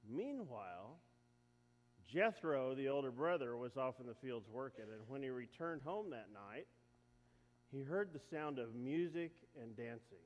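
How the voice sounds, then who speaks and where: A man preaching, retelling a story in a lively, joking way and talking to the audience. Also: medium pitch, measured pace, muffled recording. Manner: lively, jokey, talks to the audience. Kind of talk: sermon storytelling. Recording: echoey hall.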